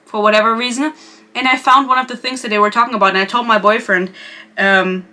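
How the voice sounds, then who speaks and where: A woman's voice: a little high, fairly even intonation, fast, bright, forceful tone. A young woman from Europe hosting a podcast, chatting in a gossipy, rambling way full of asides. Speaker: podcast host. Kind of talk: casual chat.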